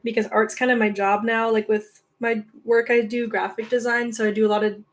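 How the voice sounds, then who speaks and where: A woman's voice: a little high, level tone, fairly quick. Giggly young woman chatting on a livestream. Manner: chatty, giggly, coos baby talk at her cat. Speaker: knitting livestream host. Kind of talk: casual livestream chat.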